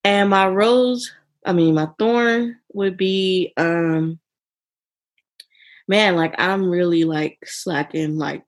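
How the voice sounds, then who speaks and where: A woman's voice: on the low side, slow pace. A woman co-hosting a casual chat, upbeat and rambling with lots of fillers. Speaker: podcast co-host.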